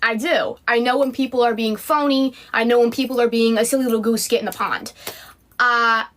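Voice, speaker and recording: A woman telling a story on her livestream in a casual, indignant, animated way, with sarcastic asides aimed at her critics. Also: a little high, fairly quick. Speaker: livestream host.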